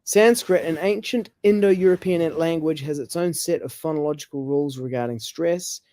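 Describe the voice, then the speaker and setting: A man's voice: fairly high pitch, normal speed, mellow. A man co-hosting a study show, chatting about word stress, reading explanations aloud and reacting with surprise. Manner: curious, exclaims in surprise, reads explanations aloud. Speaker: co-host of a scripture study show. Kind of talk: casual chat about pronunciation.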